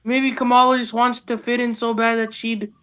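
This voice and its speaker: A man's voice: very high-pitched, flat delivery, moderate pace, sharp tone, clear, resonant tone. A man in casual political chat, making short interjections and blunt remarks.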